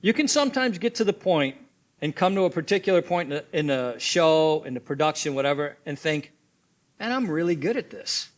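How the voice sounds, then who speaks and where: A man leads a drama workshop in a fairly high voice. He explains stagecraft in a teaching tone. He drives home each point by repeating it and checking in with "okay?". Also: brisk. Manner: instructive, tags points with "okay?"; repeats key points for emphasis. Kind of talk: teaching seminar.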